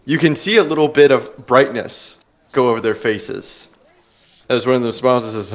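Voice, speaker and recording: A man's voice: medium pitch, moderate pace. A man running a tabletop game as game master, narrating with frequent fillers and laughs. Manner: laughs often, relaxed filler-heavy narration.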